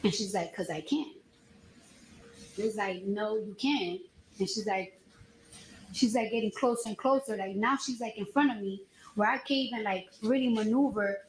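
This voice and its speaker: A woman testifying as a witness, retelling events in a lively, slangy way with acted-out quotes. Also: mid-range voice, normal speed, pauses often. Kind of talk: courtroom testimony, storytelling. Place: echoey courtroom. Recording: echoey courtroom with faint noise.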